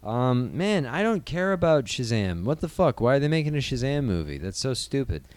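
A man's voice: mid-range voice, very animated, moderate pace, a little mellow, no room sound. A man co-hosting a casual movie news show, rambling and sarcastic, swearing often. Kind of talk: casual profane banter.

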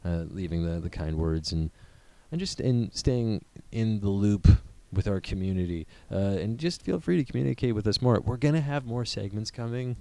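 A man's voice: on the low side, expressive, normal speed, vocal fry, hardly any pauses, warm tone. A man co-hosting a podcast, chatting loosely, joking and swearing freely. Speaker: podcast co-host. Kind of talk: casual podcast chat.

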